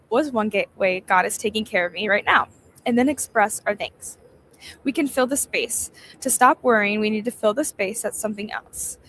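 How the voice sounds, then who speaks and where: A woman's voice: mid-range voice, a bit bright, slight background noise. A young woman giving a casual devotional talk, chatty and storytelling, laughing often. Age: young adult. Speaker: devotional host.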